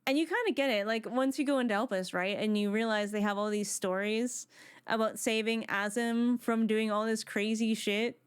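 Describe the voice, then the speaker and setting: A woman streamer chatting casually while she plays a video game, rambling with excitement and restarting her sentences often. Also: on the high side, moderate pace, clean tone. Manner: excited, rambling fan talk with many restarts.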